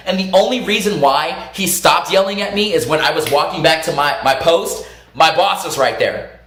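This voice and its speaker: Animated, profane storyteller in a roomy echo. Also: medium pitch, normal speed. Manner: animated, profane, laughs often mid-story. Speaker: vlogger telling a story. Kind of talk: casual storytelling vlog.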